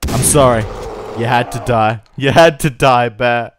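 A man giving jokey, casual gameplay commentary, yelling and joking at game animals. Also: mid-range voice, steady tone, measured pace, music in the background. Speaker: gaming YouTuber.

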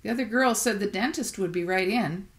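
A woman's voice: mid-range voice, a little fast, pitched above the performer's own voice, lightly acted. A woman reading aloud voices a nervous father at the dentist, speaking hesitantly. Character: nervous, tongue-tied father.

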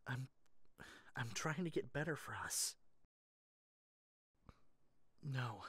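A man speaking in a whispered role-play, soft and hesitant, often stopping to restart his sentences. He talks slowly at a middle pitch. The recording is dry and close, with no room sound. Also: expressive, husky, no echo. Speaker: ASMR role-play voice actor.

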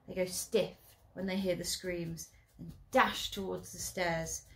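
A woman's voice: on the low side, unhurried. Woman teacher reading a story aloud. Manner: expressive, raises her voice for dramatic moments.

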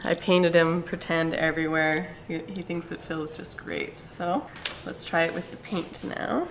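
At an animal park, a woman hosts a casual vlog in an unhurried, lowish voice, with background noise audible. She chats bubbly to the camera, cooing and squealing at the baby animals.

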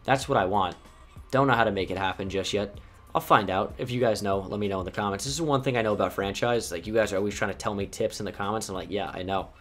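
A young man giving casual, chatty commentary while playing a football video game, reacting with quick bursts of swearing. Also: on the low side, a bit bright, faint music behind. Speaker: gaming YouTuber.

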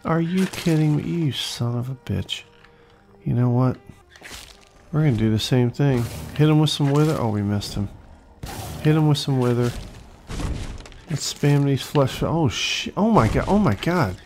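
A gravelly-voiced man gives casual, excitable commentary while he plays, cursing and taunting the enemies. Faint game music sits behind him. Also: medium pitch, a little slow, long pauses. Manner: excitable, swearing, talks to enemies. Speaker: let's play host.

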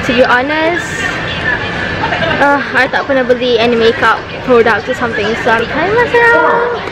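A young woman from Malaysia, chatting excitedly through a shopping vlog, giggling often as she talks into her phone camera. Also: high-pitched, heavy background noise. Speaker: vlogger. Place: shops and mall. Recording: music playing over the voice.

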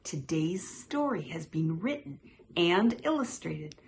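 A woman reading a children's picture book aloud as a storytime host, telling it in a clear, expressive way. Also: on the low side, slow pace, slight background noise. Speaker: storytime reader.

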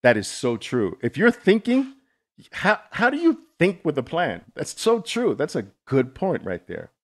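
A man's voice: fairly high pitch, wildly swooping pitch, measured pace. A middle-aged man hosting a live trading Q&A, coaching viewers in an emphatic, motivational way, with dramatic storytelling.

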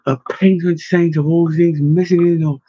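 A woman's voice: on the low side, steady tone, normal speed, mellow, breathy edge, no echo. A man voicing a pious nun who speaks formally, in old-fashioned words. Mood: solemn. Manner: formal, archaic. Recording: slightly dull, dry recording.

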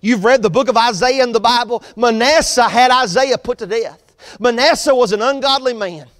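A man preaching an earnest sermon as pastor of his church, repeating his points in a steady preaching cadence. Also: extremely high pitch, normal speed, big-room sound. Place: church sanctuary.

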